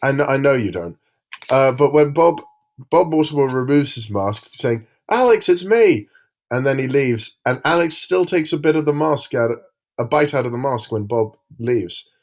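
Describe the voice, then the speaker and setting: A man's voice: mid-range voice, animated, normal speed. A man co-hosting a podcast in casual chat, rambling and hesitant as he describes things. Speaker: podcast co-host.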